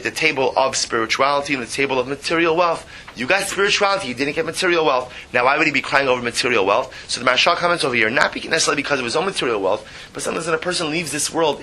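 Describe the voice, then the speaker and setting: A man with a bright, clear voice leads a text study lesson, reading passages aloud and explaining them with lively emphasis. He often repeats himself and breaks in with asides to his listeners. A faint rumble sits under his voice. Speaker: teacher.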